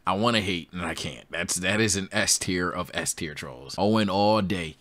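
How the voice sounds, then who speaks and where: A young man casually reacting to a cartoon for his stream chat, loud and laughing, riffing with slang and repeating himself. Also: sits low, normal speed, hardly any pauses, no echo. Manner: loud, laughing, repetitive slang-heavy riffs.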